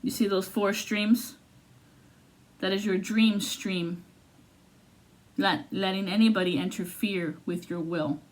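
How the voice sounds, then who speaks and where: A woman giving a casual, profane tarot reading, swinging between loud outbursts and low muttering. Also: fairly even intonation, slow, long pauses. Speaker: tarot reader.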